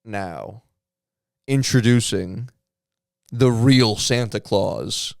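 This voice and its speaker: A man co-hosting a podcast, talking in fast, crude, argumentative banter. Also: fairly low pitch, gravelly, no echo, clean studio sound. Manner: rapid, argumentative, crude joking. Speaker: podcast co-host.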